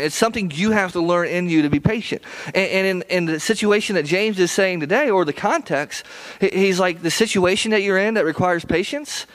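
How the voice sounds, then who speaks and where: A man preaching in an easy, conversational way, his voice sitting a little high for a man. He pleads with the listeners, repeats himself and often restarts his words as he explains a scripture passage. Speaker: pastor. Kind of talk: sermon.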